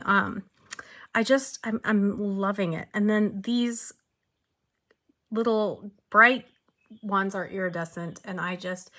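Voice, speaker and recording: A young woman with a bright, clear voice gushes through a casual unboxing, bubbly and eager. She trails off, restarts, and stumbles over her own excitement as she chats to her viewers. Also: a little high. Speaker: pen reviewer, channel host.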